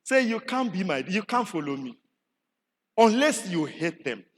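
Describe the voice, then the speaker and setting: A man with a Nigerian accent preaching a sermon in a chapel, animated, swinging from shouts to low asides and asking rhetorical questions. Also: measured pace. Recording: long hall reverb in a chapel.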